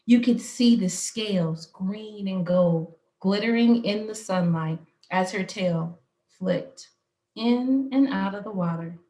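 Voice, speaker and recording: A woman from Arizona tells a story at an unhurried, deliberate pace, her voice in a middle range. Her telling is expressive and rhythmic, building the scene line by line. The room gives a noticeable echo. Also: medium pitch. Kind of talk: live storytelling. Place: home, online stream.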